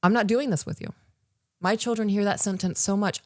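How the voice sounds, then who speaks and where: A podcast co-host in her thirties, speaking a little fast in a medium-pitched voice, addresses the listener directly and emphatically in casual parenting podcast talk. The show was recorded live for online patrons, and the audio is dry and clean, studio-grade.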